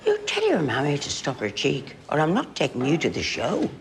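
Old granny, super low voice, swoops around a lot, sharp tongue, noisy film track. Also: female voice, huge pitch swings, brisk, full character voice. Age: older. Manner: tart, cheeky retorts. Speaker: grandmother.

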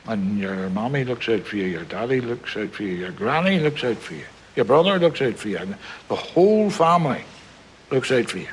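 An actor playing an older grandfather from Belfast, telling stories with dry humour and gentle warmth. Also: medium pitch, animated, a little fast, slight background noise, lightly acted. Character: wry, warm-hearted old Belfast grandfather.

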